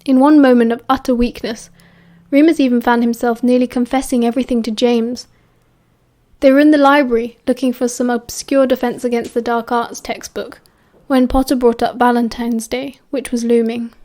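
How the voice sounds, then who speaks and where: A woman's voice: a little high, flat delivery, moderate pace, a little mellow. British woman reading an audiobook. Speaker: audiobook reader. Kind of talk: audiobook narration.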